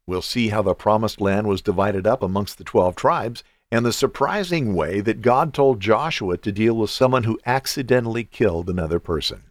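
A man's voice: on the low side, moderate pace, few pauses, no room sound. A man hosting a devotional podcast, who speaks in an earnest, encouraging, pastoral way. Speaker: podcast host.

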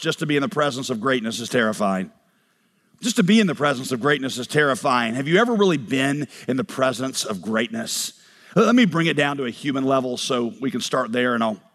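A man from North Carolina preaching a sermon, animated, telling stories and acting out quotes, sometimes shouting. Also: medium pitch. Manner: animated storytelling with acted quotes, rises to shouts. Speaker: pastor. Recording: long hall reverb.

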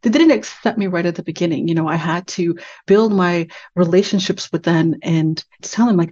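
Lively storytelling woman, dull lo-fi sound. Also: lowish voice, normal speed, few pauses. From Canada. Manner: lively storytelling, acting out quoted dialogue. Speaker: guest, HR executive. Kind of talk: interview storytelling.

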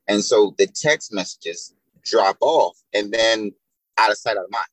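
A man guesting on a podcast, chatting in an animated, joking way and acting out little quotes. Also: on the low side, unhurried, no echo, rough recording. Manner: animated, acts out quotes, jokey. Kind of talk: casual chat.

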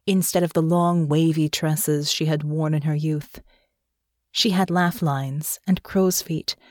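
Lady reading a novel aloud, lowish voice, dry close sound. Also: darkish tone, no echo. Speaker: audiobook narrator. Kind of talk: scripted audiobook narration.

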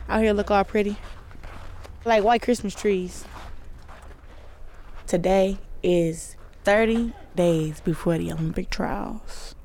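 There's slight background noise as a teen girl from Flint, Michigan, in the US, talks into a handheld tape recorder. A boxer, she keeps a personal audio diary, and she speaks casually and thoughtfully in a mid-range, darkish voice.

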